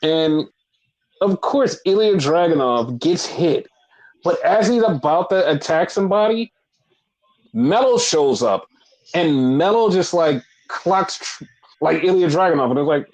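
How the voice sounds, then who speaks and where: A man's voice: on the high side, animated, unhurried, darkish tone, low-quality recording. A man co-hosting a wrestling podcast, telling the week's events in loose casual chat, full of fillers and swearing. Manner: loose, profane storytelling with lots of fillers.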